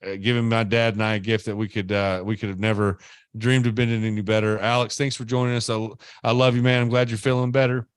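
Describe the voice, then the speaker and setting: A man hosting a podcast, telling a story in an animated, exaggerated way and wrapping up the show casually. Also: fairly low pitch, smooth, no echo, studio quality. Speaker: podcast host.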